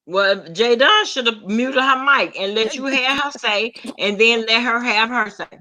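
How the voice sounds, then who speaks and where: A woman's voice: on the high side, measured pace, sharp tone. A woman hosting a casual chat, chiming in with short supportive remarks and reading out comments. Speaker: host.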